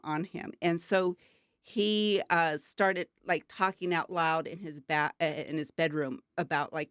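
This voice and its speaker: A woman's voice: sits low, fairly even intonation, a little slow, a bit bright, smooth, dry recording, clean studio sound. An older woman co-hosting a talk show, talking in an earnest, emotional and rambling way with many fillers. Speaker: co-host. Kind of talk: casual talk-show chat.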